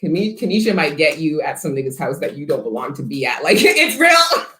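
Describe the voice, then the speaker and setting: A woman's voice: low voice, expressive, quick pace. A woman giving a collective tarot reading, talking bluntly and profanely with rambling asides. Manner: rambling, self-interrupting asides. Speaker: tarot reader. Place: her studio. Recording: echoey room.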